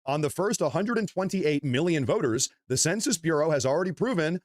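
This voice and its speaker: A man co-hosting a livestream, reading news items in a measured tone and addressing the audience as folks. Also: fairly high pitch, animated, dry recording, clean studio sound.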